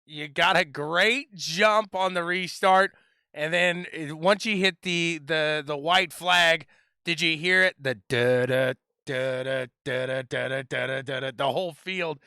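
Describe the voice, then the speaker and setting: Upbeat male post-race interviewer, high bright voice, dry close mic. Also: a little slow, smooth, no echo. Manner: upbeat, hyped sports-broadcaster patter. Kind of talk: post-race interview on a sim racing broadcast.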